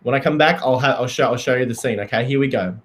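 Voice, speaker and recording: Deadpan comedy host. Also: male voice, mid-range voice. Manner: halting, deadpan, many fillers. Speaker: live stream comedy host. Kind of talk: casual deadpan comedy stream.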